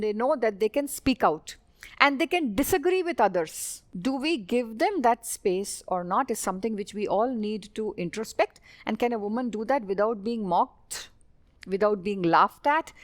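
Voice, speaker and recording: An Indian woman from Telangana speaks with an Indian English accent, laying out points in short, stacked phrases. Her voice sits fairly high, and she presses her rhetorical questions firmly. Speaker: police officer opening a panel discussion. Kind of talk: prepared opening remarks. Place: panel discussion event.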